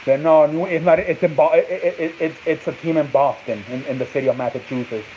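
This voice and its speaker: A man with a fairly high voice hosts a loose sports talk show, circling back over the same points and stumbling through restarts. The recording is muffled and lo-fi, with a faint sizzle behind him. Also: fairly even intonation, fairly quick, slight background noise. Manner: rambling, repeats himself, restarts often; answers off-mic chat and reads live comments. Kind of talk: casual sports chat.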